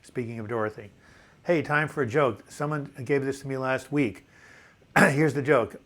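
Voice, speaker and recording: A man's voice: mid-range voice, normal speed, fairly bright tone. A man of seventy hosting a casual live video chat, reading viewer comments aloud and answering them in a chatty, enthusiastic way, often restarting words. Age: 70s.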